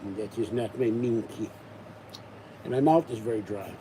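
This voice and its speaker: A man's voice: fairly low pitch, mellow, a little hiss or hum, pitched below the performer's own voice, close to an everyday voice. A man doing a toothless mad French killer. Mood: rambling. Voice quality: gummy, lisping from no teeth. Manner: slow, mock bad French accent.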